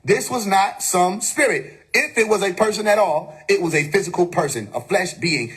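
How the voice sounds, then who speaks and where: A man with a high, husky voice gives a spiritual monologue into a phone. He preaches emphatically, fires off rhetorical questions and swears casually. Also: animated, normal speed, fairly bright tone. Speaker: live stream host.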